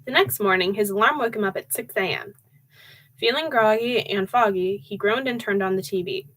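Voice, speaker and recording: A woman's voice: medium pitch, moderate pace, a bit bright, rough recording. A young adult woman streaming a live audiobook reading, chatting casually between passages. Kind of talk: casual live-stream chat and storybook narration.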